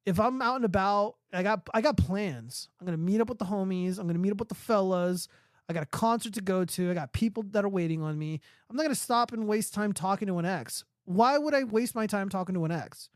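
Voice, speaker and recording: A man's voice: sits high, animated, a little fast, dry recording, clean studio sound. Profane rambling male livestream host. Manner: profane, rambling, reading and answering chat. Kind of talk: casual livestream rant.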